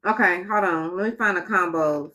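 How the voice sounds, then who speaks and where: A woman's voice: on the low side, moderate pace, bright, forceful tone. A woman chatting casually on a live stream, muttering exasperated asides to her viewers as she goes.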